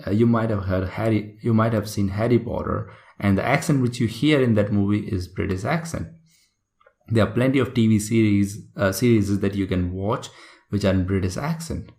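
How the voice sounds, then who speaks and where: A man's voice: lowish voice, vocal fry. A man teaching an exam-prep lesson in a chatty way, often checking in with "right?" and "okay?". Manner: chatty, frequent tag questions like "right?" and "okay?". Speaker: IELTS instructor. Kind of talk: recorded online lesson. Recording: echoey room.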